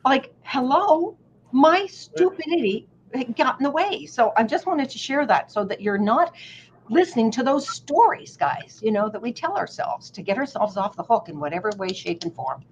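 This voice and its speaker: Animated self-mocking woman storyteller, lo-fi. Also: medium pitch, normal speed. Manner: animated, self-mocking, acts out voices in her stories. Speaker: guest. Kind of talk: casual storytelling. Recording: dull lo-fi audio with faint noise.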